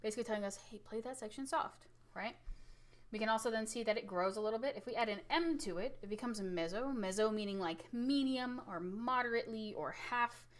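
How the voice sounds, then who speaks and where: A woman music teacher giving a casual recorded lesson, lively and chatty, often asking "right?" and showing loud and soft with her own voice. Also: fairly high pitch, fairly quick.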